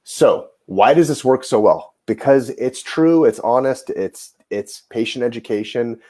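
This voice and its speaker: A man who hosts a coaching program for chiropractors, talking quickly and admitting he is rushing as he walks colleagues through his clinic method. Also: mid-range voice, expressive, dark tone. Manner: rushed and self-admittedly fast-talking. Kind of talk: quick how-to talk to fellow clinicians.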